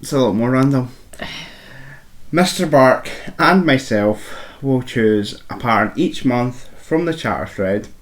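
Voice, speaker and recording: A man's voice: mid-range voice, animated, unhurried. A man co-hosting a podcast who reads the rules in a playful, teasing way. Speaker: podcast co-host. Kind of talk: casual chat.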